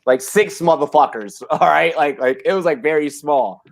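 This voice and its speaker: A man hosting a casual livestream chat from his back porch, talking in an excitable, profane, rambling way. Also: on the high side, moderate pace, vocal fry. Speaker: host.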